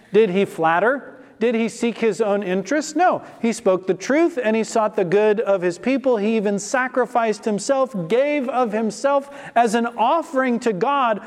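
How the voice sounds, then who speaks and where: Male preacher, high voice, emphatic scripture teaching, rhetorical questions. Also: a little mellow, big-room sound.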